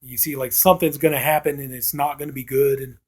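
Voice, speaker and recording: A man's voice: medium pitch, little pitch movement, fast talker. Rambling man recapping a film. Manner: rambling, filler-heavy, acts out characters' lines. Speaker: film reviewer. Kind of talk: casual plot recap.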